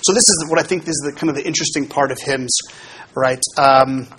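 A man, a pastor, giving a relaxed teaching talk to his congregation about how hymns are built, explaining with fillers and small asides. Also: mid-range voice, brisk, slightly rough.

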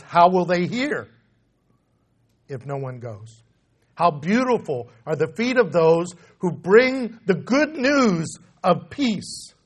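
A middle-aged male preacher with a fairly high voice delivers a sermon. He rises to loud, emphatic proclamations, then drops low and quiet to drive a point home. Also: slightly rough.

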